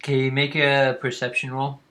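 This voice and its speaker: A man running a tabletop game as game master, describing the scene in an unhurried way with frequent ums. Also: medium pitch, monotone, bright, forceful tone.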